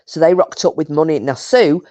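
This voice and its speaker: A woman's voice: sits low, a little fast, dark tone, no room sound. A woman telling a story in casual live-stream chat and answering viewers as host. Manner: chatty storyteller, responds to viewers.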